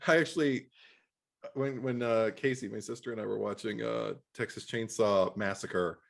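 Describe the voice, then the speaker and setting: A man co-hosting a casual chat about a horror film, laughing often and breaking into loud screamed impressions. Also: lowish voice, steady tone, moderate pace, creaky. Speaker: co-host.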